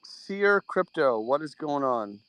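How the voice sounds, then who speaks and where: A man hosting a live trading Q&A, talking bluntly and quickly and tossing in bits of French. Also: a little high, lively intonation, fairly bright tone, no echo. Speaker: host of a trading Q&A. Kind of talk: casual live audio chat.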